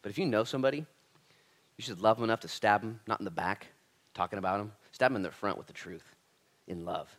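A man preaching a sermon as pastor, impassioned and casual, swinging from loud emphatic lines to hushed near-whispers. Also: fairly low pitch, quick pace. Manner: casual slangy address, says "dude" and "man".

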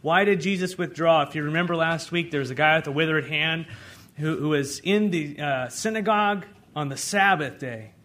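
A man preaching a sermon as pastor, in a conversational way, swinging between loud emphasis and hushed asides. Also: a little high, normal speed.

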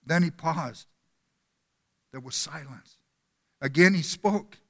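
A man's voice: on the high side, slow pace, pauses often. A man preaching a sermon in a church hall with a long reverb, telling stories earnestly and often repeating words.

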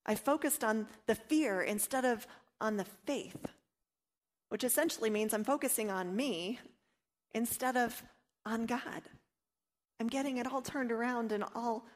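A woman's voice: on the high side, unhurried, pauses often. A woman giving an earnest devotional teaching, mixing personal stories with scripture and voicing her own inner doubts. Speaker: Bible study teacher.

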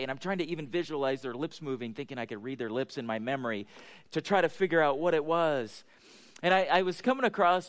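A middle-aged man preaching a conversational sermon, chatty and self-deprecating, often asking the congregation questions. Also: a little high. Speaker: pastor.

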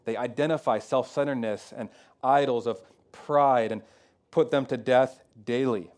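Conversational preacher, loud emphatic bursts. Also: male voice, moderate pace. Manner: conversational preaching with fillers like "kinda" and "like"; swings from loud emphatic peaks to quiet low stretches. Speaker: pastor. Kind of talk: sermon.

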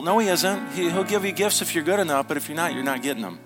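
A man preaching a sermon as a pastor. He asks the congregation questions, repeats them, and drops to a hushed tone for tender points. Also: on the high side, quick pace, hardly any pauses, music in the background.

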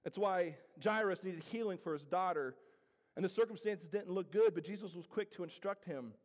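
A man preaching a sermon to his congregation, swinging from loud declarations to hushed, drawn-out lines. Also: sits high. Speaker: pastor. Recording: reverberant hall.

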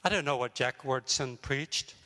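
An older man giving a sermon as a guest speaker, telling a personal story vividly and moving between raised and hushed passages. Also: medium pitch, moderate pace, big-room sound. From grew up in a jungle village.

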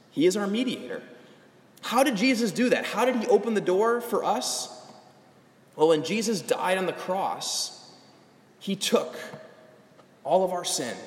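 A young adult man preaching a sermon as a pastor, animated and rising to emphatic calls. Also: sits high. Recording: echoey hall.

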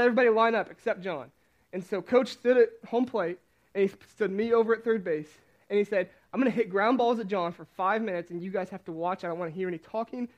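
A young man giving a casual sermon, telling a personal story in a chatty, self-deprecating way with many restarts. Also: high-pitched. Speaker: youth pastor. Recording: dull lo-fi recording.

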